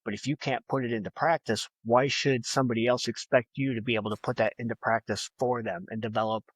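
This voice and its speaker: A man's voice: medium pitch, fairly even intonation, quick pace, no room sound. A man guesting on a podcast, talking emphatically and motivationally, often saying "like" and "you know". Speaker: podcast guest, fitness and bodybuilding figure. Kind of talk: casual interview talk.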